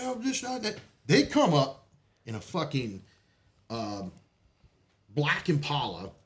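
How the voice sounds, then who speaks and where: A man's voice: mid-range voice, a bit bright. A man telling his military stories as a podcast guest, in casual storytelling style, swearing freely and laughing often between lines. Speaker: podcast guest, Marine veteran.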